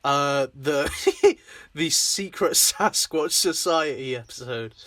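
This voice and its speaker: A man's voice: on the high side, expressive, slow pace, fairly bright tone, no room sound. A young man hosting a casual chat, laughing often, swearing freely and acting out scenes in little voices. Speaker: host.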